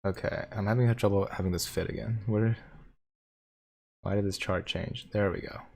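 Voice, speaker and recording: Male livestream host, lower register, casual and jokey, answers viewers' chat. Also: fairly even intonation, moderate pace, creaky, darkish tone. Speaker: stock market livestream host.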